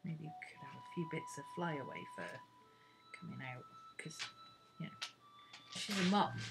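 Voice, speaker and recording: Woman, low-voiced and lively art teacher, talks through her drawing over background music. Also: normal speed, vocal fry. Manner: chatty, thinking aloud while drawing. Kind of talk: casual drawing tutorial. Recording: music playing under the voice.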